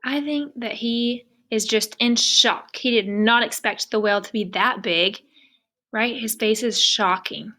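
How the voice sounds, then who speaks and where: Woman teacher, higher voice; patient picture-book read-aloud for young kids, full of questions. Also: measured pace, sharp tone. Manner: patient, asks many questions.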